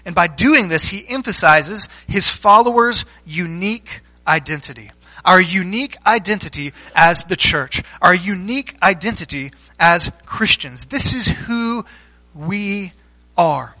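Bright-voiced preacher giving a measured sermon. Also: male voice, sits high, lively intonation, rough recording. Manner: structured teaching with rhetorical questions and deliberate pauses. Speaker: pastor.

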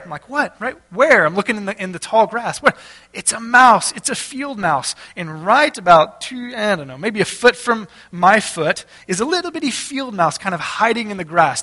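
A male pastor in his thirties with a high, bright voice preaches in an easygoing, conversational way. He keeps asking the congregation questions and leans on stories from his own family. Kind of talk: expository sermon.

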